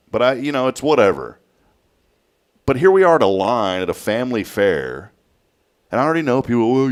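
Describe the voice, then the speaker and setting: A man, hosting a casual studio talk show and telling a story with lively flair. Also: mid-range voice. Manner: animated storytelling, acts out a child's voice. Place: local TV studio.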